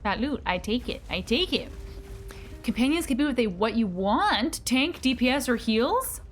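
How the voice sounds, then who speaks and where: A woman's voice: a little high, sing-song, moderate pace, faint music behind. A woman streaming a game, chatting casually with her viewers in a bubbly, giggly manner. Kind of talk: casual live-stream chat while gaming.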